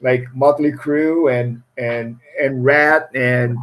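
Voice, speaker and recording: A man's voice: mid-range voice, fairly even intonation, takes it slowly, fairly bright tone, rough recording. A middle-aged man with a foreign accent, a guest musician telling stories in a rambling, laughing way, often restarting his phrases. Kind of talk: casual storytelling interview.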